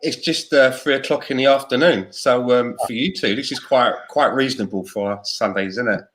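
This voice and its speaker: A man joining a casual live stream from his home, relaxed and hesitant, talking with many fillers. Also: mid-range voice, moderate pace. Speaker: guest. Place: home in Vancouver.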